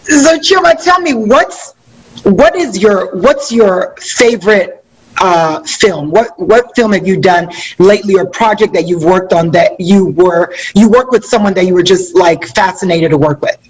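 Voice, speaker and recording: A woman hosting an interview, asking quick, eager questions in a casual tone. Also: mid-range voice, lively intonation, husky, poor audio. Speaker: interview host.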